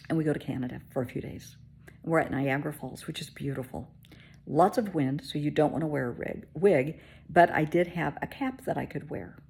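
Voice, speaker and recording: A woman's voice: low voice, vocal fry, a little mellow, husky. A woman, a therapist, candidly telling her own story in a conversational, emotional way. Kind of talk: personal storytelling vlog.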